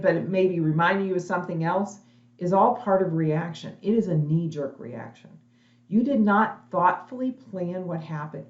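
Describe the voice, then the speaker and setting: A middle-aged woman speaks to her audience in an emphatic, coaching way, as a motivational conference speaker. Her voice sits a little low. The recording is roomy and slightly dull, like a webinar capture. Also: darkish tone. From lives in Texas.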